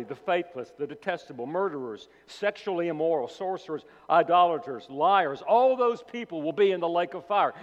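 A man preaching a sermon, swinging from loud emphatic lines to hushed, low words. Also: animated, normal speed, hardly any pauses, big-room sound, highs cut off. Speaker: pastor.

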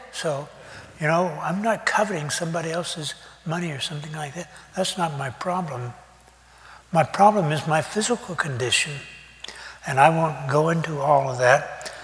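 An older man delivers a sermon in a chatty, folksy manner, pausing often and reaching for fillers. His voice sits a little high for a man. The sound rings with the long reverb of a church hall. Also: a bit bright. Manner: conversational, folksy, with pauses and fillers. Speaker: preacher.

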